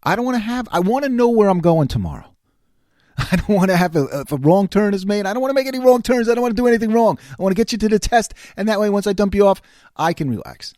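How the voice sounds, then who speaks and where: A man in his fifties hosting his own casual talk show, rambling and self-mocking as he jumps from quiet muttering to loud exclaiming. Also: high-pitched, expressive, fast, dry recording, clean studio sound. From New York. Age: 50s. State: slight voice cracks. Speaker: host.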